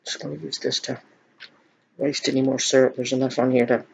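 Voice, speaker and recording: A man's voice: medium pitch, flat delivery, brisk, gravelly, slight background noise. A middle-aged man in a chatty eating vlog, rambling and laughing as he talks to viewers. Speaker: vlogger. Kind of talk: mukbang chat, eating on camera.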